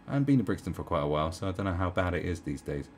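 A man's voice: sits low, sing-song, racing, slight background noise. A man giving crude, profane, rambling commentary in a ranting style. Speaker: online commentator.

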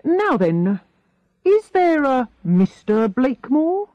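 A calm, stern police inspector gives his orders in a measured, unhurried voice, as a woman narrator reads him. The storybook recording sounds dry and a little dull. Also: very high-pitched, no room sound, voice pushed up, full character voice.

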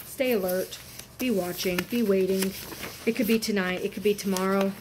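A woman's voice: medium pitch, steady tone, normal speed, background noise. A woman in her thirties with a swollen throat and fever, talking earnestly and rambling in a casual faith vlog. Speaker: Christian vlogger.

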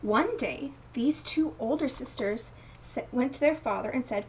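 A woman reading a picture book aloud in a slow, expressive storytelling manner. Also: high-pitched, slight background noise. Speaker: storybook reader. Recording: voice a bit distant from mic.

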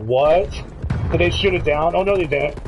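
A man giving live commentary on his own shooter game, excitable, swinging between quiet muttering and high yelps and pleading. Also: moderate pace, muffled recording, music in the background. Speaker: gaming streamer. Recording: gunfire and game sounds behind the voice.

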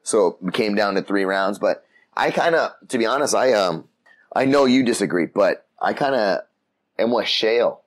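Animated low-voiced man telling stories. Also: normal speed. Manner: animated storytelling, acts out voices, frequent restarts. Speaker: podcast co-host. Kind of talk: casual chat. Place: room outside the usual studio.

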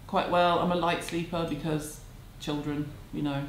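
Speaking from home at a moderate pace, this woman has a low voice and a level tone as she fields viewer questions. Her casual chat is candid and self-deprecating, and the echoey recording has a faint hum.

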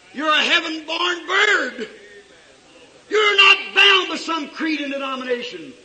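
A woman's voice: a little high, sharp tone. A preacher voicing a mother eagle who calls urgently to her lost chick. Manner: screaming, urgent pleading. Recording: echoey hall recorded from far off.

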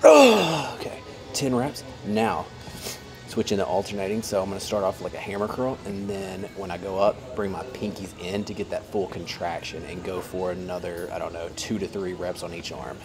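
A man's voice: low voice, fairly quick, gravelly, music in the background. A young man talking through his arm workout in a gym, casual and full of fillers, a bit out of breath between sets. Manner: explaining exercises while training, filler-heavy and relaxed. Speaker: fitness vlogger.

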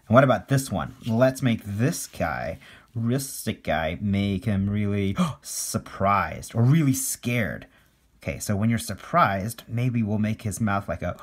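At his art desk, a Canadian man with a lowish, unhurried voice leads kids through a playful drawing lesson. He's animated, throwing in gasps and little sound effects.

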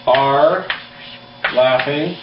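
A man teaching a slow beginner English lesson. He spells words out letter by letter and acts out laughing and crying. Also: mid-range voice. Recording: echoey, dull room with faint hum.

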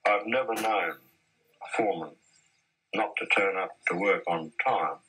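A man with a deep, husky voice recalls his old mining days in a measured, anecdotal way. His tone is bright and forceful despite the low pitch. It sounds like a 1970s archive interview. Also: rough recording. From Australia. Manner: measured, anecdotal, with occasional restarts. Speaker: interviewee, former mine boss. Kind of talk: reminiscing storytelling in an interview.

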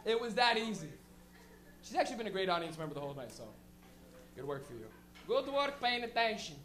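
Guy doing standup at a comedy club, high voice that swings all over, swears a lot, laughs a ton. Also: fast. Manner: animated, profane, laughs often, shouts for effect. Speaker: stand-up comedian and show host. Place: live comedy club stage.

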